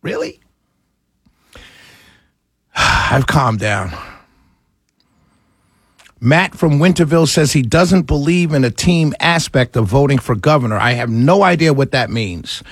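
Male call-in radio host, high and husky, exasperated ranter. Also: normal speed, hardly any pauses, no room sound, clean studio sound. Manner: animated, exasperated ranting with rhetorical questions. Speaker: radio talk show host. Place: radio studio.

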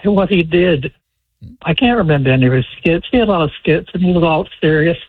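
Husky older man on a tinny phone line. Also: a little high, dry recording. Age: 70s. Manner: rambling, halting storyteller. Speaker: caller. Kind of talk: phone-in chat.

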